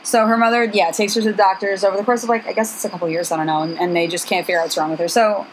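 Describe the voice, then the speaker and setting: A woman's voice: mid-range voice, steady tone, rapid-fire, a little hiss or hum, rough recording. A young woman co-hosting a podcast, telling a story in a rambling, giggly way with lots of fillers. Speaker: podcast co-host. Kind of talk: casual chat, storytelling.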